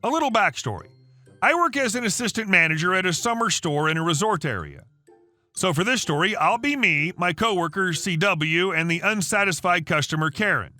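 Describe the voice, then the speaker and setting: A man reading online stories aloud with a lively storytelling delivery. His voice sits high and bright, with a pitch that swings a lot. Faint music plays softly behind him. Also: fairly quick. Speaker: story narrator. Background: faint background music.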